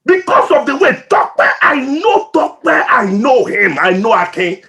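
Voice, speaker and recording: A pastor from Nigeria preaching an impassioned sermon, swinging between shouts and hushed, emotional drops. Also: male voice, high voice, sing-song, a little slow.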